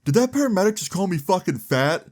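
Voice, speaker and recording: A man's voice: high voice, big pitch swings, normal speed, a little mellow, pitched above the performer's own voice. A man voicing his dazed, annoyed heavyset friend who swears indignantly.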